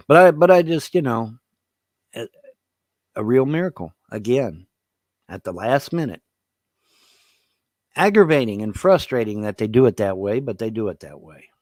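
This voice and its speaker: A man with a drawl rambles to his viewers in a casual monologue, swearing freely and laughing as he goes. His pitch swings widely up and down. The sound is dry and close. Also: big pitch swings, a little slow, long pauses, darkish tone, no room sound. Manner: profane, rambling, laughs often. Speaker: online video host.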